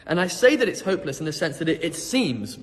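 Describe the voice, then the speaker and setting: Man preaching, lively storytelling. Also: fairly high pitch, quick pace, in a large hall. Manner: vivid storytelling with big swings between hushed and loud. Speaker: pastor. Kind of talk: sermon.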